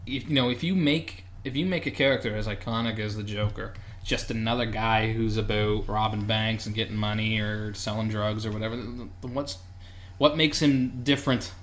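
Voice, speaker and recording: A man's voice: lowish voice, fairly even intonation, normal speed, a bit bright. A man co-hosting a podcast, talking casually and animatedly about a movie, swearing and laughing. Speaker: podcast co-host.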